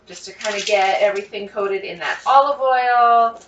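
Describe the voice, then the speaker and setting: A woman chatting excitedly to her viewers as she cooks, thinking out loud in a casual vlog. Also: mid-range voice, moderate pace, roomy sound, far from the mic, dull audio, slight background noise. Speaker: cooking vlogger. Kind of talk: casual cooking vlog, talking to camera. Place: home kitchen.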